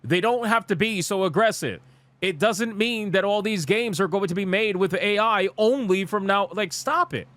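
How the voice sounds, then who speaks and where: A man's voice: sits high, moderate pace, a bit bright, no echo. A young man streaming live, reacting to gaming news and reading comments aloud in a blunt, exasperated, profane rant.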